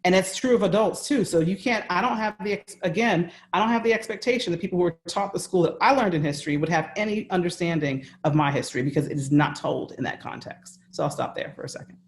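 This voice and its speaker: A man with an American accent speaks as a guest over a video call from his home. His voice sits a little high, and his talk is earnest and conversational, often checking in with the listener. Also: quick pace, few pauses. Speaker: guest speaker on workplace bias. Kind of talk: remote interview.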